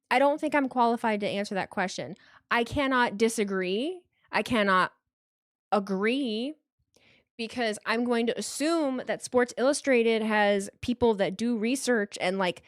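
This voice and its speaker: A woman's voice: mid-range voice, no room sound, studio quality. A woman hosting a live wrestling watch party, reading super chats and apologizing a lot, tripping over her words and swearing casually.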